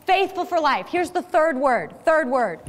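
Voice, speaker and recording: High-voiced woman telling a story in a hall. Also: a little slow. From American Midwest. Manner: animated, conversational storytelling. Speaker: speaker. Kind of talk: storytelling talk to an audience. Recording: long hall reverb.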